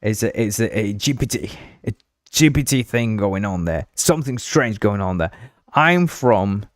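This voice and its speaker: A man's voice: on the low side, moderate pace, no echo, studio quality. A man from Uruguay hosting a casual livestream, rambling and joking, with frequent laughs and stumbling restarts. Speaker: livestream host.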